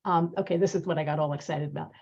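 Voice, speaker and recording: Husky, low-set woman presenter, animated, laughs easily, muffled call audio. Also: very fast. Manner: lively, laughs often, acts out example lines. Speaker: speaker on listening skills. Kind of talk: webinar talk.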